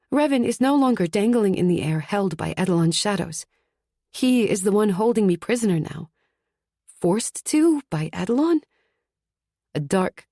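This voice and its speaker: A woman's voice: medium pitch, mellow, no room sound, studio quality. A woman narrating a fantasy audiobook in the first person, tense and urgent. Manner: tense, urgent inner monologue.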